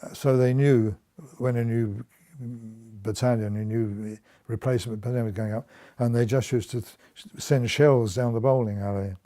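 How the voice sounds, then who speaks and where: During an oral history interview, a veteran in his later years relates his service experiences, laughing at points and backing up to restart what he's saying. His medium-pitched voice is mellow, fairly even in intonation, and moderately paced.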